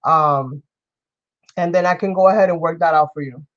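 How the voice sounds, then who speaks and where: A deep-voiced woman from New York hosts a craft stream, talking at a moderate pace over lo-fi sound. She chats casually while crafting and is effusive, calling out viewers by name to greet and thank them.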